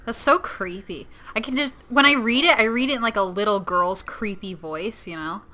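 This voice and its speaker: A woman giving casual let's-play commentary on a horror game, excitable and given to shrieking and swearing at the screen. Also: medium pitch, normal speed. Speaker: gamer playing a horror game.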